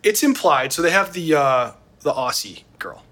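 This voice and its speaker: Husky, slightly high male host, animated and opinionated in casual chat. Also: normal speed. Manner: animated, opinionated, laughs easily. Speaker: podcast host. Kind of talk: casual chat about film and wine.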